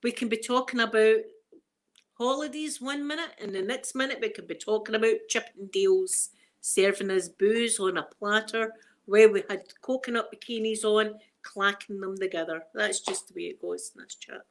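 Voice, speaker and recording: Middle-aged Scottish woman, rambling storyteller, casual live chat host, mid-pitched, easy laughter. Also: normal speed. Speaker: livestream host.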